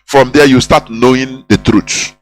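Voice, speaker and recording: A man's voice: mid-range voice, fairly even intonation, measured pace, faint music behind, rough recording. A man hosting a radio talk show, delivering an impassioned monologue full of repetition and rhetorical questions. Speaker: radio host.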